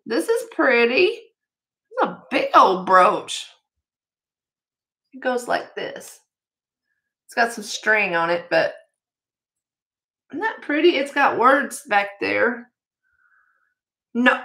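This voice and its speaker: Bubbly high-voiced woman vlogger. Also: vocal fry. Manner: excitable, gushing, chatty asides to viewers. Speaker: jewelry haul vlogger. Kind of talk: casual unboxing chat.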